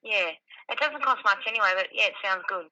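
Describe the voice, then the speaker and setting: A woman's voice: mid-range voice, fairly quick, bright, forceful tone. A woman calling in to a live show, giving brief, cheerful replies. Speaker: caller. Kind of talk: casual phone call. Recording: tinny phone line.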